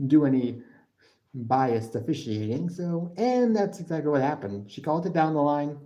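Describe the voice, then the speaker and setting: A podcast host with a slightly high, warm, expressive voice recaps things casually at a moderate pace on a live stream, though the audio quality is poor. He rambles, restarts, repeats words and keeps breaking off to answer the chat.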